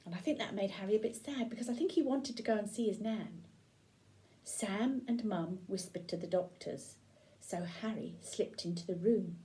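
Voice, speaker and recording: A woman's voice: mid-range voice, moderate pace, dark tone, poor audio. An older woman reading a picture book aloud to children, asking them questions and pointing at the pictures. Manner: interactive, asks listeners questions and points at pictures. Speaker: storyteller grandmother.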